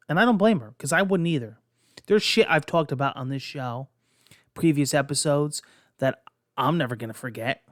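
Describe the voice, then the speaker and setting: A man hosts his own podcast and recounts a strange true tale in loose, animated, swear-heavy storytelling. His voice sits a little higher than most men's. The sound is dry and close, with no room echo. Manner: profane, animated, incredulous. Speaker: podcast host. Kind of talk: casual storytelling.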